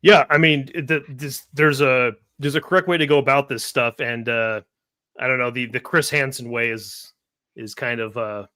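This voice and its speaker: Bright-voiced co-host man, dry sound. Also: mid-range voice, fairly even intonation, moderate pace, no room sound. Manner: listens with short backchannels and laughs. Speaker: podcast co-host. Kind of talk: casual chat.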